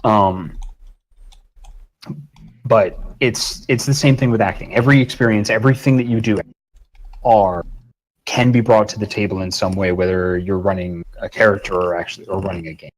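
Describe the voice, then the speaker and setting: Guest man, slightly low voice, easygoing and a bit foul-mouthed, rambling interview answers. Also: fairly even intonation, normal speed, pauses often, rough recording. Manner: rambling, swears casually. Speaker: guest voice actor and game master. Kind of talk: casual interview talk.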